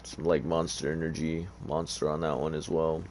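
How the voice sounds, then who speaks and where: Tired man with a low gravelly voice. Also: little pitch movement, moderate pace, a little mellow, a little hiss or hum. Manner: rambling, offhand, hesitant. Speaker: gamer. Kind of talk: casual gameplay commentary.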